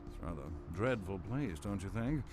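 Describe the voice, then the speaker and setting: A man's voice: low voice, lively intonation, brisk. An actor playing a fussy, snooty rich man in a video game, speaking in a prim, complaining upper-class manner. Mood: haughty. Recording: game audio with music behind.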